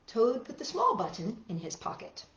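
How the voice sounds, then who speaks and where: A woman reading picture books aloud for children in an animated, sing-song way, chatting to young listeners between stories. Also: fairly high pitch, normal speed, echoey room. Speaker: children's story reader.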